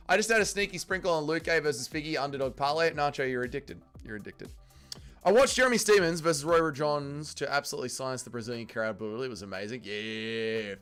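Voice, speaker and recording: A man's voice: medium pitch, fairly bright tone, clear, resonant tone. A man hosting a casual watch-along livestream, reading chat aloud and joking crudely, swearing freely. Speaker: livestream host.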